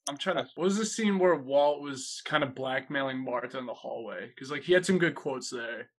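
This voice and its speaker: Soft-spoken man in a casual chat. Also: mid-range voice, brisk.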